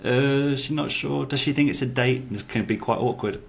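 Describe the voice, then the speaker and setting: A man's voice: mid-range voice, fairly quick, vocal fry, a little hiss or hum. A man giving casual review commentary as a language-learning YouTuber, chatty, repeating lines aloud with many fillers.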